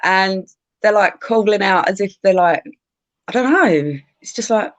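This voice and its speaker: A woman's voice: mid-range voice, expressive, measured pace, highs cut off. A woman co-hosting a podcast, chatting casually and hesitantly with fillers and laughs. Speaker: podcast co-host. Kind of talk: casual chat.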